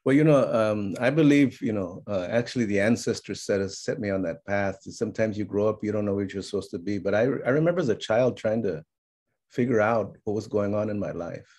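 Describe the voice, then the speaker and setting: A middle-aged man telling family stories in a reflective conversation, slipping Spanish phrases in among many fillers and growing animated as he goes. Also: on the low side, a little fast. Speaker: speaker sharing his life's work.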